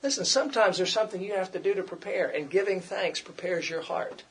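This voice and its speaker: A man's voice: high-pitched, brisk, fairly bright tone. A middle-aged man preaching a conversational sermon, repeating himself and acting out quoted complaints.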